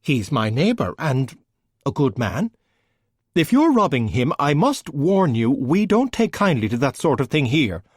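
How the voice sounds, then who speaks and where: A man voicing a middle-aged woman neighbour who sobs and wails in high-pitched grief, reading an audiobook. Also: big pitch swings, unhurried, husky, dry recording, clean studio sound. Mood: flustered. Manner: sobbing, wailing, high-pitched.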